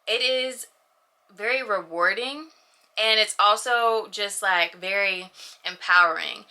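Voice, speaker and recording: Bright, chatty young woman vlogger. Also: mid-range voice. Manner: animated, chatty, lots of "you know what I mean". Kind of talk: casual personal vlog.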